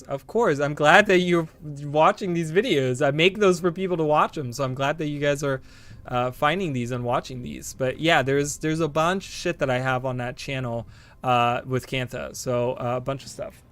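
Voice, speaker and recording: A man's voice: medium pitch, moderate pace, a bit bright. A man streaming a game live, rambling to his viewers with bursts of delighted exclamations and casual swearing. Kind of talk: casual live gameplay commentary.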